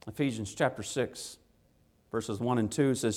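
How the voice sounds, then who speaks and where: A man, a father, preaching a sermon to children, swinging from loud impassioned rises to quiet earnest asides. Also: mid-range voice, unhurried. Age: adult with children. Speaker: pastor.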